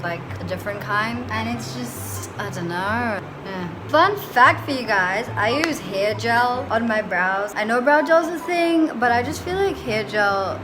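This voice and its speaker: A young woman rambles cheerfully to her viewers in a relaxed vlog, laughing often and padding her sentences with "like". Her voice sits slightly high. Clear background music runs beneath her talk. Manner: chatty and giggly, filler-heavy with "like". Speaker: vlogger. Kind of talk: casual vlog chat.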